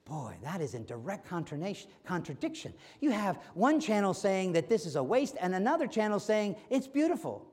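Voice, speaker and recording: A man preaching a sermon as pastor, animated and acting out quoted voices. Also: sits high. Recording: long hall reverb.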